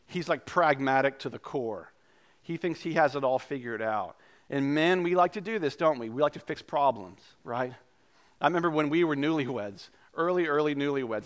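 A male pastor preaching a sermon in a conversational, animated way. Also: medium pitch.

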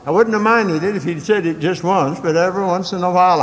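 An older male preacher delivers a sermon in a fairly high voice, swinging from quick folksy asides to slow, weighty emphasis. The recording carries a long hall reverb. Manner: folksy storytelling with dramatic swings in pitch and pace.

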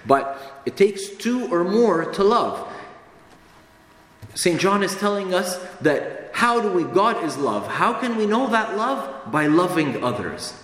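A man's voice: high-pitched, big pitch swings, takes it slowly, a bit bright. A man preaching a sermon in an earnest, emphatic way, repeating phrases for stress. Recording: echoey hall with long reverb, faint ambience.

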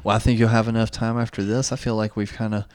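A man's voice: fairly low pitch, level tone, fast, a little mellow. A man co-hosting a podcast, telling a story in casual chat with a lot of swearing. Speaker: podcast co-host.

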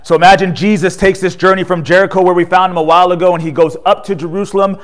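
Slightly high-voiced man preaching a sermon. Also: fast. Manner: animated storyteller, asks rhetorical questions, tags lines with "right?"; drops soft and low at solemn points. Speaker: pastor.

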